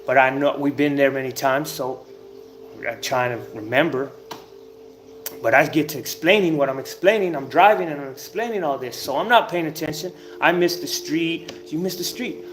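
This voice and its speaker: A man giving an informal spiritual talk, telling a story emphatically, with drawn-out pauses and the odd curse word. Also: a little high, fairly bright tone. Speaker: self-styled spiritual teacher. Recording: noisy ambient background.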